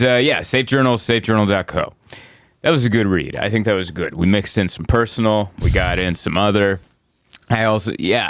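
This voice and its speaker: A man with a lowish voice hosts a comedy podcast, talking in a loose, rambling way. He pokes fun at himself and laughs often. The sound is dry and close, with no room to it. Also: fairly bright tone, no echo. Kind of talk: casual podcast chat.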